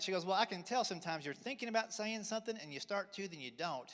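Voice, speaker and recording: A man in his forties delivers a folksy stand-up routine with an unhurried, drawling storyteller's manner. His voice sits a little high for a man. The sound rings with the long reverb of a big church hall. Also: lively intonation, fairly bright tone. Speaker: stand-up comedian. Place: church hall, live audience.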